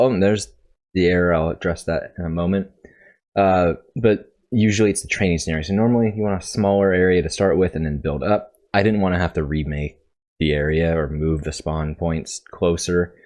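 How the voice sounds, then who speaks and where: A man with a deep, low voice talks through his project in a casual tutorial. He sounds congested and rambles, often stopping to correct himself as he thinks aloud. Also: darkish tone. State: congested, coughing. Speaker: coding tutorial host. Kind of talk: casual screen-share coding tutorial.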